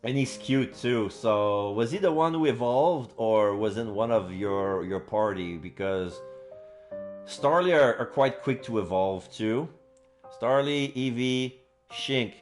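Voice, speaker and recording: Slow-talking male streamer, halting. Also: medium pitch, faint music behind. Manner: halting, many fillers, excitable. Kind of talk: casual live-stream chat.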